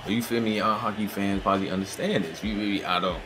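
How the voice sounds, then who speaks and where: A man's voice: lowish voice, fairly even intonation, quick pace, noisy background. A man hosting a reaction video, talking in loose slangy chatter and often asking if you feel him. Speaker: reaction channel host. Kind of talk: casual reaction commentary. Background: music playing.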